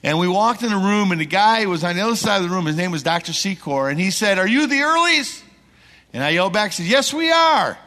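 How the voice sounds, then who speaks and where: A man's voice: high voice, fast talker, few pauses. A middle-aged man preaching a sermon in a church, telling stories and acting out the people in them. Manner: animated storyteller acting out quoted people. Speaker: missionary preacher. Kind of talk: sermon with storytelling. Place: church sanctuary. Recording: long reverb in a large hall.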